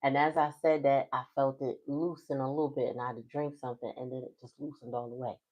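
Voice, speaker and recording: A woman's voice: extremely low pitch, little pitch movement, fast, lo-fi sound. A woman giving a casual, chatty tarot reading on a livestream, talking loosely with folksy slang. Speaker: tarot reader.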